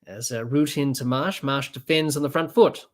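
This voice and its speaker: A man's voice: mid-range voice, normal speed. A man hosting a podcast, giving unscripted play-by-play cricket commentary with fillers and restarts. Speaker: podcast host doing live match commentary.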